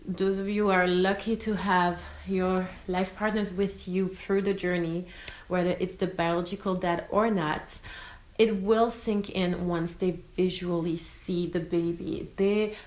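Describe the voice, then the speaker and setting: A woman's voice: fairly low pitch, roomy sound, low-quality recording. A woman in her thirties from France with a French accent, chatting expressively to her vlog audience as a mother. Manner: expressive, sprinkles in French words. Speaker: vlogger. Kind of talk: casual vlog talk.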